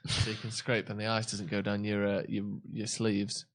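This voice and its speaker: A man with a lowish voice and a completely flat delivery speaks at a moderate pace. Co-hosting a live football watchalong, he chats casually, rambling, joking, and searching for words.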